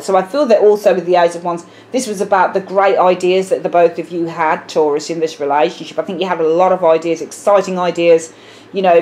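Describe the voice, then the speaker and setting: Give me a lower-pitched British woman reading tarot cards in a musing, repetitive way. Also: a little mellow. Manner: musing, repeats phrases, frequent fillers. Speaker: tarot reader. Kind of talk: casual tarot reading to camera.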